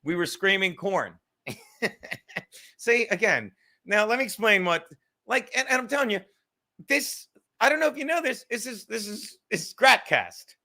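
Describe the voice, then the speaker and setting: A man's voice: high-pitched, expressive, unhurried, long pauses, pushed and bright. A man hosting a livestream podcast, chatting casually with viewers in a rambling, joking, profane way.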